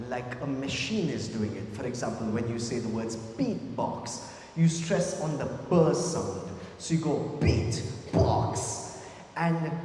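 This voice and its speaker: A man's voice: fairly high pitch, darkish tone, slight background noise. Playful man talking in an echoey hall. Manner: playful, self-mocking, coaxing the crowd. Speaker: musician and beatboxer. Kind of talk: live talk to an audience, singing and demonstrating. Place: hall with a live audience.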